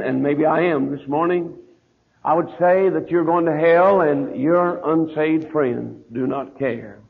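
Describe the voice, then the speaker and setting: Gravelly preacher guy in church, slows down and goes quiet on the big words, tinny old tape. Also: on the high side. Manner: preaching, slows and drops to a heavy hush on key words. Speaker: pastor. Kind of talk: sermon.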